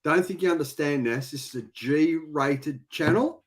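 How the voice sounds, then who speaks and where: A man's voice: a little high, unhurried. An Australian man hosting a casual live-stream chat, teasing and bantering with his guest. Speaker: host.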